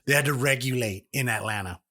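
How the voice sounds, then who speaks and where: With music playing underneath, a male podcast co-host tells a long story casually, swearing a lot and rambling with fillers. His voice is medium-pitched, sharp, and quick.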